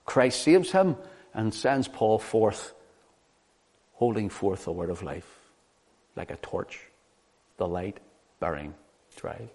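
A man preaching a sermon, teaching from the Bible in an animated way and often asking the listeners rhetorical questions. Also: fairly low pitch, slow, long pauses.

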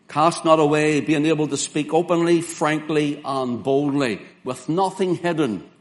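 Earnest male preacher, slightly high voice. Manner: earnest, emphatic preaching with slow spelled-out words and dramatic quoted lines; King James phrasing. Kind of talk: sermon.

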